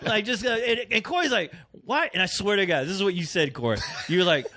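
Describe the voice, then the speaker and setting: Animated high-voiced man telling a story. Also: fast talker, noisy background. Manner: animated, laughing storyteller acting out friends' lines. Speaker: podcast co-host. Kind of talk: casual chat, storytelling.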